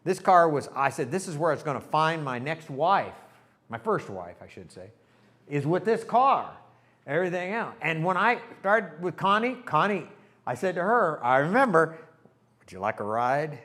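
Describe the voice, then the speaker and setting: An older man, a pastor, telling a folksy, animated story in a sermon and acting out the voices of the people in it. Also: mid-range voice, moderate pace. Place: church sanctuary.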